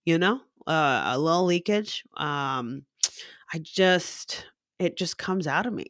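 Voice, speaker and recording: A woman's voice: deep voice, animated, slow, a bit bright, no room sound, studio quality. A young woman who works in a coffee shop, talking in a rambling casual monologue, swearing freely and laughing often.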